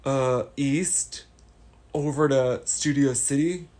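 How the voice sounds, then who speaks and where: A man's voice: medium pitch, takes it slowly, darkish tone, close to an everyday voice. A man putting on a laid-back California dude, drawling in a playful sketch-comedy impression. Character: laid-back surfer-dude male Californian, traffic-obsessed.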